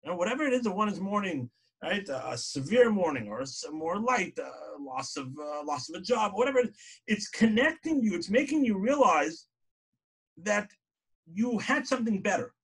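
High-voiced male lecturer for a synagogue class: conversational storyteller, punctuates with "right?", rises to emphatic quoted lines. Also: sing-song, moderate pace, slightly rough. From lived in Israel. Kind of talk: sermon-style lecture.

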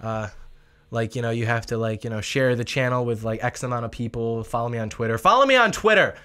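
A man's voice: medium pitch, level tone, a little fast, clean tone. A man hosting a political opinion vlog, talking in a sarcastic, mocking manner. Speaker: political commentary host.

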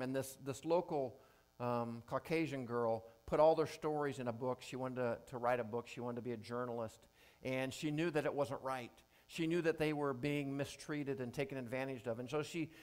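A man preaching an Easter sermon as pastor, earnest and falling to a soft, quiet emphasis on key lines. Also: mid-range voice. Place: church service streamed online.

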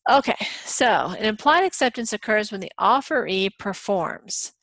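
A woman's voice: mid-range voice, animated, normal speed, fairly bright tone, no echo. A woman lecturing a college law class in a conversational way, with frequent ums and uhs. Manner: conversational, many ums and uhs, acts out quoted dialogue. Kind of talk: recorded lecture.

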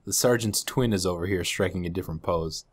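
Low-voiced man joking through gameplay. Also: fairly quick, slightly rough. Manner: joking, laughs often. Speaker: co-host. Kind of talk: casual gameplay commentary.

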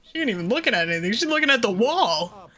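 A gaming creator voicing loud, profane, laughing reactions while playing through a game. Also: medium pitch, very animated, fast. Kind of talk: let's play commentary.

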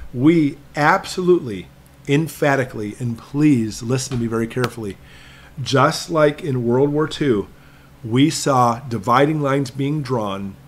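A man hosting a prepping live stream, answering viewer questions in a talkative, emphatic lecturing manner that slows down to stress points. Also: medium pitch, slight background noise. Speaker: prepping channel host.

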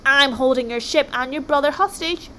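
A woman's voice: high voice, moderate pace, a bit bright, a little hiss or hum, pitched above the performer's own voice. A woman voicing a greedy, bellowing sea monster in a storybook reading. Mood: threatening. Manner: roaring, bellowing.

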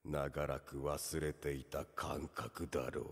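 A man voicing a menacing anime villain who talks slow and eerie. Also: very deep voice, level tone, vocal fry, heavily acted. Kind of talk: anime dub acting. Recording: anime clip with music behind.

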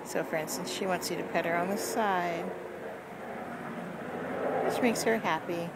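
A woman's voice: fairly low pitch, measured pace. A woman casually narrating as she pets a cat outdoors, playful and self-mocking, talking to the cat now and then. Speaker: vlogger. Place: outdoors on a street. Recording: noisy outdoor street recording.

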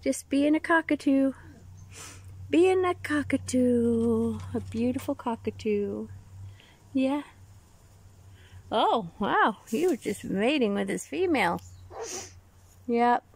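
A woman's voice: fairly high pitch, animated, slow, long pauses, a little mellow, breathy edge. A woman who cares for rescued birds chats outdoors with her pet bird, cooing praise at it. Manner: doting, coos praise at the bird. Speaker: bird sanctuary caretaker. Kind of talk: casual chat with a pet bird. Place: outdoors in the sun. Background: birds calling and cooing.

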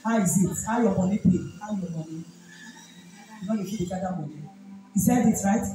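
Her mid-range voice runs fairly quick as this Nigerian-accented woman pastor leads a deliverance ministration full of repeated rebukes. The audio is far-off and echoey, recorded in a church hall with music.

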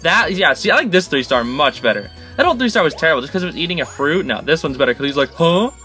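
An excitable man narrates his own gameplay and chatters at the creatures on screen. His voice sits fairly high, with a bright edge. His pitch leaps up and down all the time, and faint game music plays behind him. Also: fast talker. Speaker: gaming channel host. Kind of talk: let's-play commentary.

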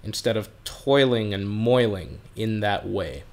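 A man's voice: lowish voice, expressive, a little slow, a little mellow. A man reading the lines of a carefree, chatty grasshopper from a storybook fable in a light, inviting tone. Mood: coaxing.

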